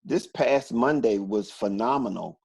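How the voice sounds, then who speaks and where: A man who teaches motivation and inspiration, speaking as a guest on a casual video call in a calm, earnest, reflective way. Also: mid-range voice, a little slow, gravelly, husky.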